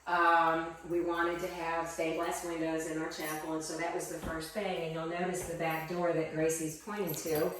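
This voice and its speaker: Woman telling her faith story: soft, halting, a bit low-pitched; heavy room echo, recorded from across the room. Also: monotone, slight background noise. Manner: soft-spoken, halting, with many ums and restarts. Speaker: interviewee. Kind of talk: emotional personal testimony. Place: her small wooden chapel, indoors. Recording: echoey room from some distance.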